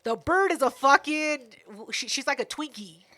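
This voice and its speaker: Woman on a podcast, kinda high, really bright voice, swears a lot telling stories. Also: moderate pace. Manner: profane, animated storyteller. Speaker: podcast co-host. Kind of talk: casual storytelling chat.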